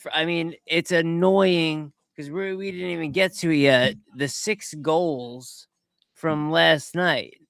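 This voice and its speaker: A man hosting a podcast, talking casually and in a rambling way as he comments over video clips, quick to get excited. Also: fairly high pitch, vocal fry, smooth, dry recording. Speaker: podcast host.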